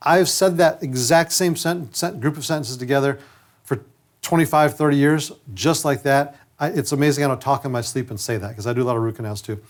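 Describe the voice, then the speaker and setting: A man's voice: mid-range voice, fast talker. A middle-aged man, a dentist, giving a conversational training lecture and acting out short patient exchanges. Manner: lively, conversational, acts out patient dialogues.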